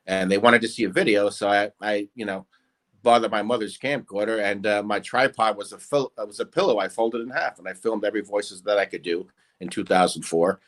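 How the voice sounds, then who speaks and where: A man's voice: fairly low pitch, steady tone, fairly quick, a bit bright. Brief: male guest impressionist, rambling and hesitant, casual interview chat. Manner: rambling, hesitant, many fillers.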